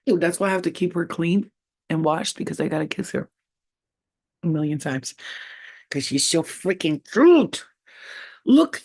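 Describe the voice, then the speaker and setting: A woman's voice: sits low, big pitch swings, moderate pace, pauses often, darkish tone. Profane, giggly woman streaming live. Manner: profane, rambling, giggly talk. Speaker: channel host. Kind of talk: casual live-stream chat.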